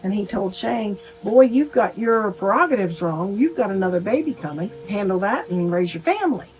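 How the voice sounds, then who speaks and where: Speaking at medium pitch with an expressive, darkish tone and a normal pace, a middle-aged woman recounts family conversations in plain words, quoting everyone involved. She is the mother of a murder victim being interviewed. Soft music plays in the background of this rough recording.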